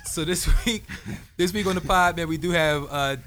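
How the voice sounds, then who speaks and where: A man hosting a casual group podcast, talking in a relaxed, slangy way and laughing easily. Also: on the high side, normal speed, background noise. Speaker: podcast host.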